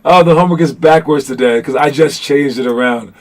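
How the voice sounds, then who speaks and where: This basketball podcast host talks briskly in a slightly high voice during a casual live stream. Lots of restarts mark his joking banter as he teases the chat.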